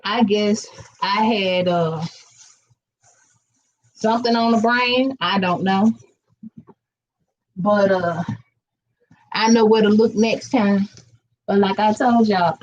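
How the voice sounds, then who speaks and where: A woman's voice: mid-range voice, lo-fi sound, a little hiss or hum. A chatty woman, rambling casually to viewers while she cooks in her kitchen. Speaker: vlogger cooking live. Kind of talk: casual live-stream chat. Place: home kitchen.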